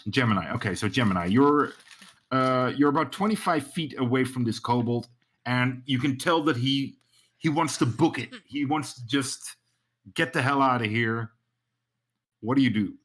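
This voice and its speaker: A man running a tabletop game as game master, talking casually with many pauses and restarts. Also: mid-range voice, a bit bright. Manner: hesitant, many ums and restarts.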